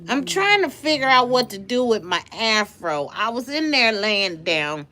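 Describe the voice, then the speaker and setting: A woman chatting casually on a live stream, telling a story with animated energy and greeting her chat viewers. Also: a little high, moderate pace.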